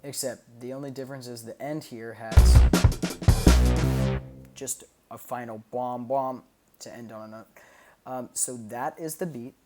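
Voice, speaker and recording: A man at an ordinary mid pitch talks through how his own tracks were built, in a relaxed, rambling way full of "um"s and little sung sounds. Loud music from the track plays right behind his voice. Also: unhurried, pauses often. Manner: relaxed, rambling explanation with many fillers and sung sound effects. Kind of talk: casual streamed track breakdown. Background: loud music playing from the track.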